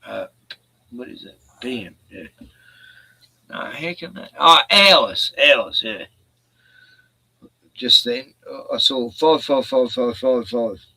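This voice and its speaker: A man chatting on a stream, laid-back and quick to swear and laugh. His voice is gravelly and very bright, a little high, and he drawls along slowly. The sound is close and dry. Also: animated, no room sound, rough recording. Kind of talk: casual chat.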